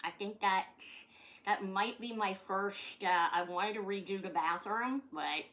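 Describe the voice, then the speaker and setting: A middle-aged woman talks casually at home, rambling from one aside to the next and dropping the odd swear word. Her voice is bright and forward, with pitch sitting right in the middle of the range. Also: measured pace. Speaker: vlogger. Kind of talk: casual chat.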